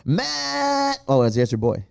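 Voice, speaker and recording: A man hosting a podcast in casual chat, reading out patron names in a loud, playful way with plenty of swearing. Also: mid-range voice, sing-song, brisk. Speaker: podcast host.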